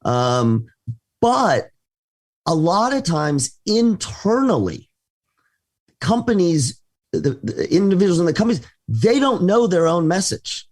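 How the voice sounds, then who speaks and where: Male business show co-host, slightly high voice, halting and self-correcting delivery. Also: sing-song, a little mellow. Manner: hesitant, many restarts and fillers. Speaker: podcast co-host. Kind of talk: conversational business talk.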